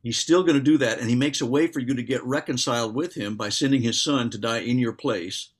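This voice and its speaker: A man's voice: mid-range voice, brisk. A man co-hosting a casual faith discussion, speaking earnestly and agreeably, explaining his views at length. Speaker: co-host.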